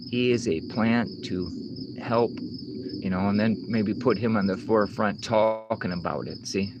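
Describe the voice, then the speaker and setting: A man's voice: lowish voice, fairly even intonation, moderate pace, noisy background. A man hosting a casual livestream outdoors, rambling and cursing as he answers chat comments. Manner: rambling, profane, talks back to chat comments. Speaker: livestream host reading chat. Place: outdoors among insects.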